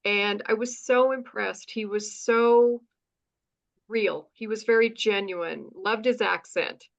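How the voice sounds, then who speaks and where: A woman's voice: mid-range voice, slow pace, creaky, lo-fi sound. A woman from the United States, a guest in an interview, telling her story with lots of acted-out dialogue and frequent asides of "right?". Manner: animated, acts out dialogue, says "right?" often.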